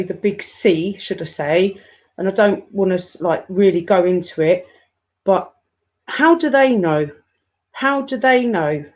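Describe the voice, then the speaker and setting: A woman in her forties, talking to her viewers in an upset, halting rant, often stopping and repeating herself. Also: mid-range voice. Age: 40s. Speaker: YouTuber. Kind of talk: emotional live-stream rant.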